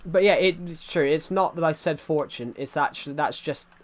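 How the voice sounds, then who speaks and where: While livestreaming a game, a young man with a fairly high voice chats casually at a moderate pace. He's rambling and self-mocking, prone to wandering off on side topics.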